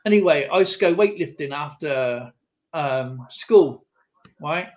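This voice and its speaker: A man's voice: a little high, lively intonation, measured pace. A man hosting a live stream, telling a rambling anecdote in a casual, chatty way with lots of fillers and asides. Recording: slightly muffled lo-fi stream audio.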